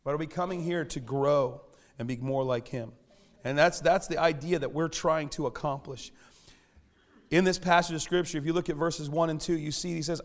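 A man delivers a sermon in a church, his voice sitting a little higher than most. He preaches in a lively, conversational way, often joking at his own expense. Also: normal speed, pauses often. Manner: animated, conversational preaching with self-deprecating humor. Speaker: pastor. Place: church sanctuary.

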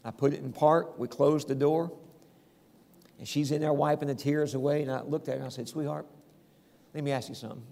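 A man's voice: fairly high pitch, fairly even intonation, fairly quick, creaky, mellow, in a large hall. A man preaching a sermon as pastor, telling homespun stories and calling out to the congregation. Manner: folksy storytelling preacher, calls out "Amen?".

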